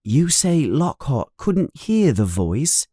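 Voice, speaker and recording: A man's voice: a little high, big pitch swings, slow pace, warm tone, slightly rough, no room sound, clean studio sound, pitched above the performer's own voice, full character voice. A man voicing a sore, tired teenage boy who groans and talks plainly in a storybook reading. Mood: puzzled.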